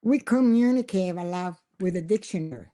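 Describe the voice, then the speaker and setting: Older Mexican woman, mellow voice. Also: lowish voice, lively intonation, fairly quick. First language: Spanish. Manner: chatty storyteller, laughs often, simple broken English. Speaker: guest. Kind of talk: casual podcast interview.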